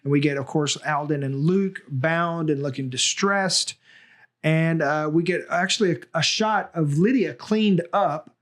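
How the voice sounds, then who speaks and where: A man's voice: fairly high pitch, a little slow, a bit bright. A man hosting a casual fan discussion podcast, talking in a chatty way with lots of fillers and restarts. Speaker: podcast host.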